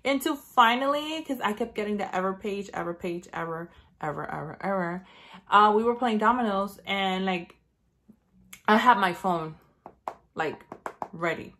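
A woman's voice: mid-range voice, normal speed, a bit bright. A woman beauty vlogger chatting casually, telling a rambling story full of "like" and acting out her own lines. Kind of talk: casual chat.

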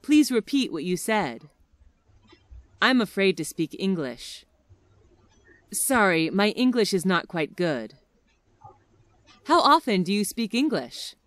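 Woman for a language lesson: reads phrases slowly with lots of pitch movement, dry close sound. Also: no room sound. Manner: expressive, careful enunciation. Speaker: English phrase reader. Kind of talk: slow, clear reading of practice phrases.

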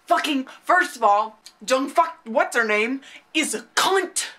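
A woman with a high, bright voice rants through a reaction vlog. She swears nonstop and keeps flaring up into shouting, but between the outbursts she talks at an unhurried pace. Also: expressive. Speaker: vlogger reacting to a webtoon chapter.

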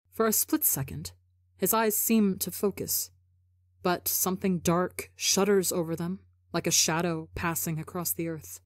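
A woman reading a story for a podcast, narrating in a measured, emotive way. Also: fairly low pitch, dry recording, studio quality. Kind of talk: dramatic audiobook narration.

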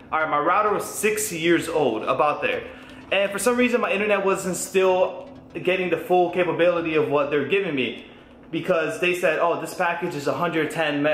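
A young man talks in a loose, excitable vlog style, rambling from one thing to the next and swearing freely. His voice sits a little high for a man. The sound bounces around an echoey room at home. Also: slight background noise. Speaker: gaming YouTuber. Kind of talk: casual vlog update.

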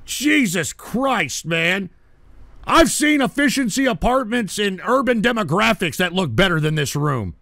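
A man hosting a livestream show, ranting angrily at a viewer with constant insults and bursts of shouting. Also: high voice, very animated, moderate pace, creaky, dry recording, studio quality. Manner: angry, insulting, frequently shouting. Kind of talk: profane ranting livestream talk.

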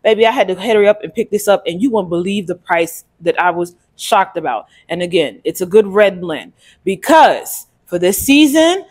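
A woman vlogging casually to camera, sassy and playful, reviewing a wine with sudden loud exclamations and Southern-tinged slang. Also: on the low side, lively intonation, normal speed.

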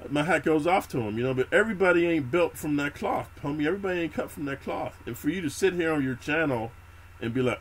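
A man's voice: fairly high pitch, lively intonation, fast, breathy edge. A middle-aged man talking casually in heavy street slang and constant swearing, telling prison and military stories to his viewers. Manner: streetwise slang, swears a lot, calls listener homie. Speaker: YouTube prison-story host. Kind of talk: unscripted casual monologue.

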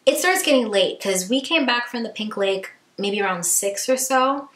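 A woman vlogger recounts a story in a lively, chatty voice, sprinkling in fillers and acting out what people said. Her pitch sits in the middle of the range. The room gives the voice a noticeable echo. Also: normal speed. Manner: animated storytelling full of "like" and acted quotes. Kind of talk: storytime vlog.

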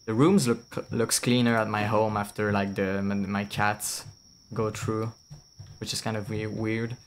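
A lowish-voiced man chats through a game stream, blunt and foul-mouthed, breaking into laughs as he reacts. A faint hiss sits under his voice. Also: flat delivery, unhurried. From France. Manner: blunt and swearing, laughs often. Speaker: VTuber streamer. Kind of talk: casual gameplay commentary.

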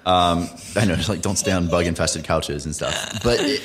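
A man's voice: sits low, normal speed, crowd noise. A man guesting on a casual podcast, talking earnestly and at length with many filler words.

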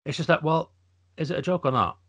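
Podcast guy talking quick, rambly, keeps saying yeah. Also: a little high, fairly bright tone. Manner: rambling, restarts, quick agreement. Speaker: podcast co-host. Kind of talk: casual chat.

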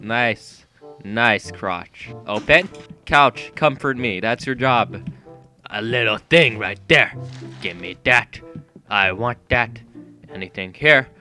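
A young man giving jumpy, profane commentary while playing a horror game, yelping and shouting when startled. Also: medium pitch, expressive, slow pace, soft background music. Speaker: gaming YouTuber. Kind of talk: horror let's-play commentary. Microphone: gaming mic with headphones.

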